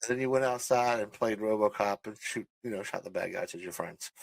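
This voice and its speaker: A man in his forties co-hosting a podcast, chatting casually with quick reactions. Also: on the low side, creaky, husky, no echo, rough recording. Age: 40s. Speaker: podcast co-host. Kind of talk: casual chat.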